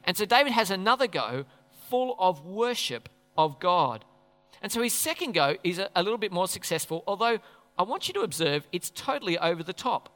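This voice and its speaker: A man's voice: high voice, pushed and bright. A man preaching a sermon in a church hall, talking conversationally and posing questions to the congregation. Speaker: pastor. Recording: echoey hall reverb.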